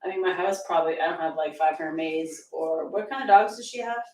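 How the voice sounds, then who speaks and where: A woman's voice: fairly low pitch, brisk, darkish tone, far from the mic, a little hiss or hum. A woman co-hosting a livestream, reading out viewer messages and teasing her partner playfully. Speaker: co-host reading super chats. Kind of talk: casual livestream chat. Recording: roomy echo, set back from the mic.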